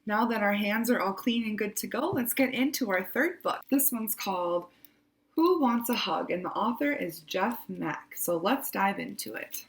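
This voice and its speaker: Woman librarian for kids' story hour, gentle and instructive, expressive pitch. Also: moderate pace. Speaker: librarian hosting story time. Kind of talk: reading a picture book to young children.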